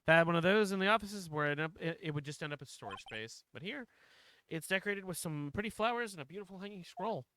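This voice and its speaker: Casual streamer reading game text aloud, bright, lively voice. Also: male voice, high voice, fast talker, a little hiss or hum. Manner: reads game text aloud, swears, chatty. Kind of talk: game playthrough commentary.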